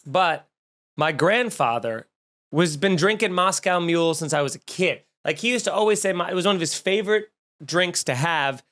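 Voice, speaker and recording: A man hosting a comedy podcast, telling stories in a snarky, rambling, animated way. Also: high voice, normal speed. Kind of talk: casual comedic rant.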